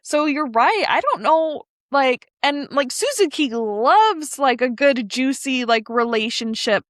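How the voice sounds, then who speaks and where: Woman podcast host gushing about anime, kinda high voice, super dry close sound. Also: unhurried, dry recording. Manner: animated, rambling with many fillers and laughs. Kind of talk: casual anime recap chat.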